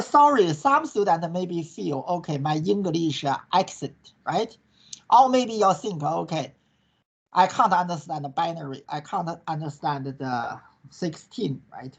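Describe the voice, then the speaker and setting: A man's voice: high-pitched, vocal fry, a bit bright, breathy edge. A male course instructor answering questions in an online class, in non-native English that tags most sentences with "right?" and "okay?". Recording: dull lo-fi online class recording.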